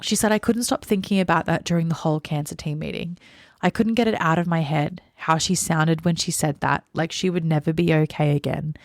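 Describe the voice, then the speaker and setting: A woman's voice: low-pitched, fairly quick, dry recording, clean studio sound. A woman co-hosting a book podcast, chatting loosely and reading passages with feeling. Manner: chatty, many "like" fillers, emotional when reading. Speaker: podcast co-host. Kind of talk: casual book discussion with read-aloud passages.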